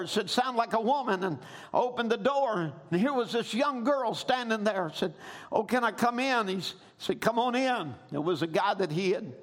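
A man preaching a sermon, retelling stories, breaking into shouts and calling for amens. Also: high-pitched. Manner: preaching with rising shouts and call-and-response amens.

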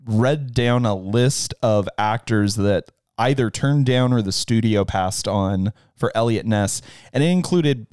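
A man's voice: fairly low pitch, measured pace, a little mellow, clear, resonant tone, dry recording, clean studio sound. A man co-hosting a casual movie podcast, chatty and laughing often. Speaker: podcast co-host.

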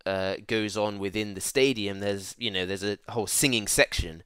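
A man with a low, smooth voice talks in a measured, hesitant way. The recording is close and dry, with no room sound. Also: fairly bright tone, dry recording. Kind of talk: casual chat.

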